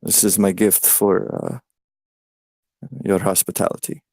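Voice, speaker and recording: A man's voice: sits low, level tone, measured pace, vocal fry, dry recording. A man voicing a tired traveling lord who speaks in old-fashioned, courtly language. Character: courtly male lord, weary traveling noble.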